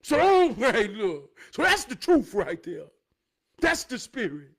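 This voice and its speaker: A man giving a preachy motivational monologue in street slang. He repeats phrases for effect and builds up to shouted, profane emphasis. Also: extremely high pitch, huge pitch swings, slow pace. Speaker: motivational speaker.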